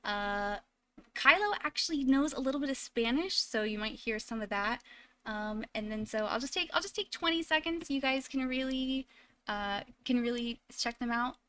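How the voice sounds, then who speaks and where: A woman streams from home in casual, chatty talk, thanking her viewers and restarting her sentences as she goes. Her voice sits high and sounds crisp and bright, with faint noise behind her. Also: moderate pace. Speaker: live streamer. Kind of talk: casual live-stream chat.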